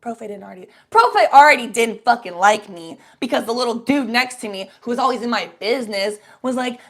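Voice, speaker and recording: A young adult woman vlogger telling a casual story to her live chat, animated and swearing freely as she acts out other people's voices. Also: a little high, brisk.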